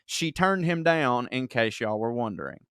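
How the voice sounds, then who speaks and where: A man co-hosting a comedy podcast, reading listener emails aloud with animated storytelling and frequent laughter. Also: mid-range voice, moderate pace, clear, resonant tone, dry recording, studio quality. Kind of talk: casual comedic podcast banter.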